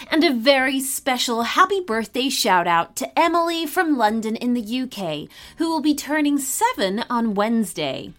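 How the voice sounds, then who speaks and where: A woman hosting a children's story podcast, reading with warm, expressive narration. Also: high-pitched.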